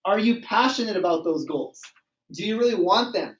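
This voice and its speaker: High-voiced male sales trainer, echoey room. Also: moderate pace. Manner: energetic, acts out phone calls and dialogues. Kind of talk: motivational training talk. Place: meeting room with a live group. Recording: echoey room, far from mic, dull sound.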